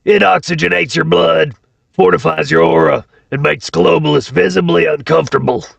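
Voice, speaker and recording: A man's voice: a little high, steady tone, moderate pace, creaky, no room sound, pitched below the performer's own voice. A man doing a bombastic conspiracy radio host. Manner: bombastic, rising to yells. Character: shouting male conspiracy radio host hawking supplements.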